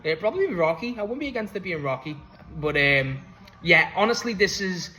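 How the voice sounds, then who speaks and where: A young man casually recapping and reviewing a wrestling show, excitable, swearing freely and laughing often. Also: high-pitched, fairly quick, rough recording.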